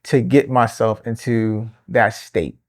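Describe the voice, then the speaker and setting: A man hosting a casual interview, talking in a relaxed, slangy way. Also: mid-range voice, takes it slowly. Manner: relaxed, slangy, many "you know" fillers. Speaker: host.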